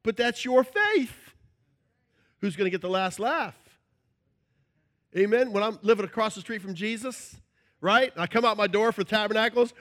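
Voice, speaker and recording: A middle-aged man preaching a sermon as a pastor, animated and playful, acting out little scenes with shouts and joking voices. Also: high-pitched, moderate pace, pauses often.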